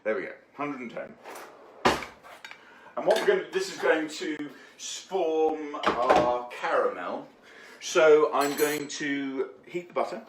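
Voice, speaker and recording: A man's voice: on the high side, animated, slow pace, heavy background noise. A man giving a rambling, jokey cooking demonstration in his home kitchen, with lots of fillers. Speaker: home baker. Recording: echoey room.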